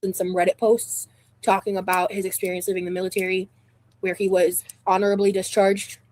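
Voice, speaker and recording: A woman's voice: mid-range voice, level tone, fairly quick, a little mellow. A woman in a casual stream clip, indignant and defensive, swearing as she talks. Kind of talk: casual livestream talk.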